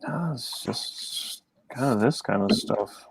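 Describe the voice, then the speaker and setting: Low gravelly guy, laid back rambly chat while drawing, dry sound. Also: slow, no echo, rough recording. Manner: relaxed, rambling, self-deprecating. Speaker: artist on a live drawing stream.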